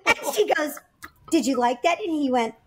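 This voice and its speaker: A woman's voice: high-pitched, lively intonation, moderate pace, a little mellow, slight background noise. A middle-aged woman telling stories as a podcast guest, laughing often and acting out the voices of the people in them. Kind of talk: animated storytelling on a podcast.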